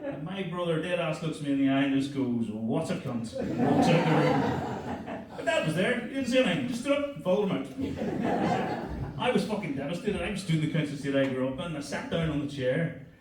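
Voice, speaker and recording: A man's voice: a little high, expressive, fairly quick, recorded from a distance, noisy background. A middle-aged man from Northern Ireland with a Northern Irish accent, doing a crude, self-mocking stand-up comedy set. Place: comedy club stage. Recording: echoey club, heard from afar, crowd laughter.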